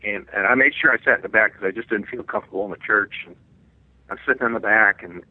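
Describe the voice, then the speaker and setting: A man with a fairly low voice tells his testimony in an earnest, reflective way, often stopping to restart a thought. He sounds thin and narrow, as if on a phone line. The sound is dry, with no room around it. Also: quick pace, dry recording. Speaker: guest author. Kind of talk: personal testimony in an interview.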